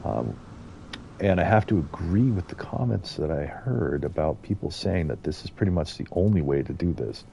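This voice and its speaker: A man's voice: low-pitched, expressive, moderate pace, vocal fry, warm tone, a little hiss or hum. A middle-aged man from the United States giving rambling, casual commentary as he streams a game and chats to viewers. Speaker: gaming streamer.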